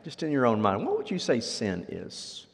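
A man delivers an animated sermon in a voice of middling pitch that climbs high and drops low as he preaches. He acts out imagined objectors in a raised tone, then settles into quiet, low endings. The sound carries a long hall reverb. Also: normal speed, vocal fry, breathy edge. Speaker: pastor.

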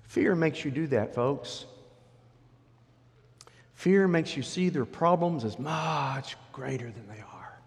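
A man's voice: mid-range voice, slow pace. A male pastor preaching a sermon and storytelling with animation, speaking directly to the congregation. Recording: long hall reverb.

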